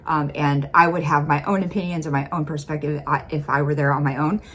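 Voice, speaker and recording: An American woman with a low, dark-toned voice talks casually to her viewers, hedging with um and like. She is recorded at home on a desk mic. A faint hiss of room noise sits under her. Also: steady tone, brisk. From United States. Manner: chatty, hedging with many ums and likes. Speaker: reaction video host. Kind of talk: casual reaction chat.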